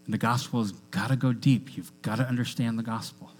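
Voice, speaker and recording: A man preaching a sermon with lively energy. He calls on the congregation to repeat lines back to him. A faint mains hum sits under the recording. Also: medium pitch, fairly quick. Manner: energetic, with call-and-response to the congregation. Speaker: pastor.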